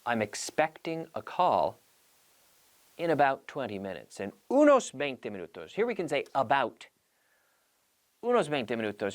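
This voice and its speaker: A man hosting a language-learning show, teaching in a lively, playful way and acting out little scenes as examples. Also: medium pitch, normal speed. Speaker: English teacher and show host. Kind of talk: bilingual language lesson.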